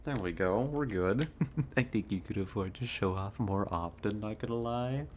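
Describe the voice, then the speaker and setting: A woman's voice: rumbling low, moderate pace, a little mellow, a little hiss or hum. A woman from California streaming a game, chatting with viewers in a laid-back, giggly way on a headset mic. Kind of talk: casual live-stream chat.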